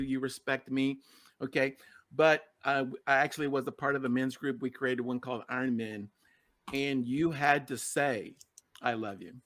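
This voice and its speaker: A man's voice: mid-range voice, fairly bright tone. A middle-aged man telling a personal story as a podcast guest, earnest and emotional, often repeating words for emphasis. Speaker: guest, success coach.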